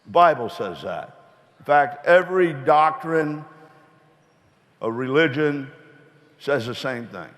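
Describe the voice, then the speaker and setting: A man's voice: medium pitch, expressive, takes it slowly, long pauses, a bit bright, long reverb tail. A middle-aged man gives a rambling, folksy motivational talk to his business's distributors, earnest about belief. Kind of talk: motivational speech with folksy joke.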